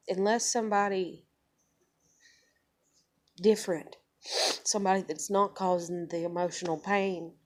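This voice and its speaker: A woman's voice: lowish voice, a little mellow. A young woman, telling a personal story to camera in a blunt, profane, conversational way. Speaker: vlogger.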